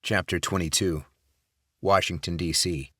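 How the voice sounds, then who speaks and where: A man narrating a thriller audiobook in a measured, steady scripted read. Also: deep voice, no echo, studio quality.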